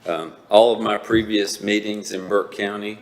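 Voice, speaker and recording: Former principal, man, deep voice, formal and polite, echo from the room. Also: steady tone, moderate pace, faint music behind. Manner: formal, addresses the board by titles. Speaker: historic trail representative and former school principal. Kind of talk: formal opening of a presentation. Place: county board meeting room. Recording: echoey meeting room.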